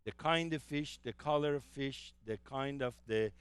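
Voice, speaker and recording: A man's voice: medium pitch, moderate pace, clear, resonant tone, no room sound. A man giving an enthusiastic travel talk to a live audience, telling anecdotes with frequent fillers. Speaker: travel presenter.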